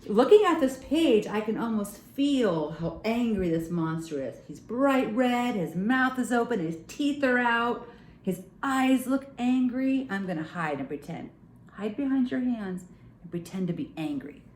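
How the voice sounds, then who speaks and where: Young woman hosting kids' storytime; animated, playful, roomy echo. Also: fairly high pitch, measured pace, a little hiss or hum. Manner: playful, sing-song, animated with silly sounds. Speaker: children's storytime host. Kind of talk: reading a picture book aloud to kids. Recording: echoey room.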